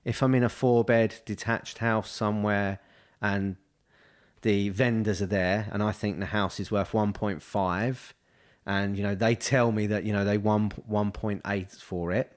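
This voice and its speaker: Here the same podcast co-host, an estate agent on a studio mic, speaks in a fairly low, steady voice and a little slowly. He meanders through what he wants to say, restarting often and leaning on "you know".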